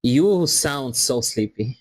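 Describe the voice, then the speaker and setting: A man streaming and chatting casually, teasing his friends in a halting way. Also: medium pitch, expressive. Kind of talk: casual chat on a live stream.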